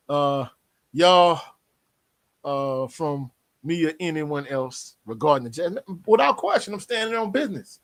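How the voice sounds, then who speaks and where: A man talks casually on a sports livestream, his voice sitting a little high for a man. He answers viewers' comments with brash, animated trash talk and laughs often along the way. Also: measured pace. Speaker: sports show host reading live chat.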